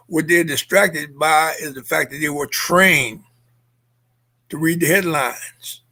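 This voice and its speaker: A man's voice: on the high side, slow pace, bright, forceful tone. An older man, a former Olympian and activist, telling stories with emphatic force and checking in with his listeners. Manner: emphatic, checks in with 'Okay?' and 'Understand?'. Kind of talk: impassioned storytelling.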